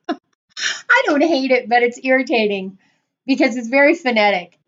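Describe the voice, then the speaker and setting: A woman's voice: sits high, expressive, a little slow, a bit bright, highs cut off. A middle-aged woman hosting a casual livestream, gushing over viewers and often repeating herself. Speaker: channel host on a livestream.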